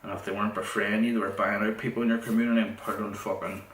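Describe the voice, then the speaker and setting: Low-voiced man rambling. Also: flat delivery, very fast, a bit bright, echoey room, far from the mic, slight background noise, rough recording. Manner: profane, rambling, restarts often. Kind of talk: casual storytelling.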